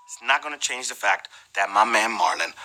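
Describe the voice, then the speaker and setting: A man hosting a live trivia game show in a playful, slangy, animated way, teasing the players. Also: fairly low pitch, fairly quick, noisy background.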